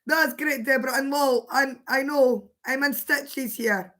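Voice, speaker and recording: A woman hosting a casual live chat, hoarse from laughing and fighting off fits of giggles. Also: sits high, fairly even intonation, unhurried, fairly bright tone. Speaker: livestream host.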